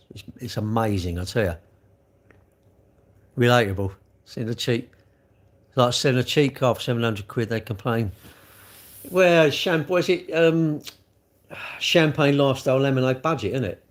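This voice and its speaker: A man talks loosely to his live stream, rambling from one thought to the next. He jokes at his own expense and answers comments as they come in. His voice sits at an ordinary middle pitch. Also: moderate pace, pauses often. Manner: rambling, jokey, self-deprecating. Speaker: livestream host. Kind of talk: casual chat reading live comments.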